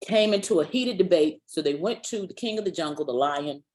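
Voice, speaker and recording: A woman's voice: lowish voice, lively intonation, a little fast, a little mellow. A woman giving a motivational webinar talk as a business owner, restarting words and checking in with listeners with a repeated "okay?". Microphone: webinar call mic.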